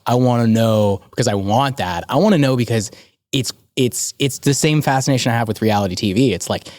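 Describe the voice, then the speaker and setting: A man from Canada co-hosting a podcast, telling stories in an animated, laughing way. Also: medium pitch, fairly quick, no echo, clean studio sound. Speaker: podcast co-host. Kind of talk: casual chat.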